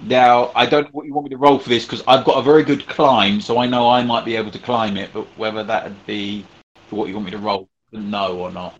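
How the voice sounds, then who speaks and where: A man's voice: fairly low pitch, steady tone, fairly quick, lo-fi sound, a little hiss or hum. A man playing a tabletop game, asking hesitant, polite questions. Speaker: player. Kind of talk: casual tabletop play.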